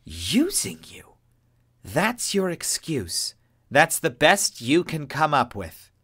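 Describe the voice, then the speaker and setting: Audiobook figure: a high-pitched, sharp-tongued female executive pressing for answers, read by a man. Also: wildly swooping pitch, slow, breathy edge, heavily acted. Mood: exasperated. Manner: exasperated, demanding. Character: distressed poised female corporate executive.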